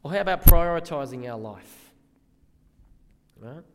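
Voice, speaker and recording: A man's voice: on the high side, expressive, a little slow, slight background noise. Earnest male preacher, echoing hall. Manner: earnest, asks the listeners rhetorical questions. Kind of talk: sermon.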